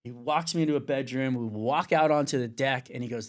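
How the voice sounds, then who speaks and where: A man's voice: mid-range voice, a little fast. A middle-aged man from California tells his story in a frank, unpolished way. He swears freely and jumps into other people's voices when he quotes them. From Venice, California. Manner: swears freely, acts out quoted dialogue with lively shifts. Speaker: surf commentator, interview guest. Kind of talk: candid storytelling interview.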